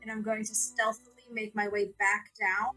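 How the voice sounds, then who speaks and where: A woman's voice: mid-range voice, completely flat delivery, moderate pace, sharp tone, faint music behind, rough recording. A woman playing a tabletop game, animatedly describing what her character does. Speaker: player. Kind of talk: casual tabletop play.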